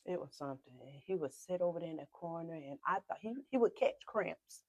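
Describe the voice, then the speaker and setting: A woman pastor with a South Carolina accent tells her story in emotional bursts, acting out what each person said and repeating phrases. Her voice often sinks to a soft whisper. The sound is close and dry, with no room echo. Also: low voice, fairly quick. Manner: repeats and re-enacts dialogue with quoted speech. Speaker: pastor, podcast guest. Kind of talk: personal testimony in a conversation.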